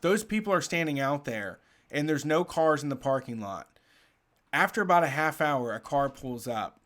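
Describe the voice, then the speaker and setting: A fairly high-voiced man spins a long, animated story in loose, profane chat. He talks in quick bursts full of fillers and restarts, breaking into laughter here and there. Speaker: podcast host telling a story. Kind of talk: casual storytelling.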